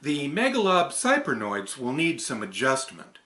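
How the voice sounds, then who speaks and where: A man's voice: mid-range voice, huge pitch swings, unhurried, bright, forceful tone, full character voice. A man voicing a theatrical male horror-show host character in a hammy, showman-like delivery.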